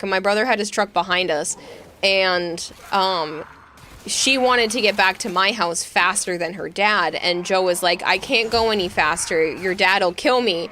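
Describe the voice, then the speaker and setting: A woman streaming a game, chatting casually and telling animated stories with lots of laughter. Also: mid-range voice, a little hiss or hum. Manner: giggly, animated storyteller. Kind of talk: casual chat while gaming.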